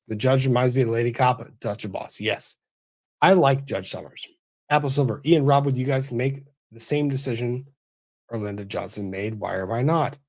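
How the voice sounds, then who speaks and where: A man of ordinary middle pitch works through a stream of viewer questions on a late-night livestream. He reads each one aloud and answers briefly and plainly. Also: darkish tone. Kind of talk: livestream Q&A commentary.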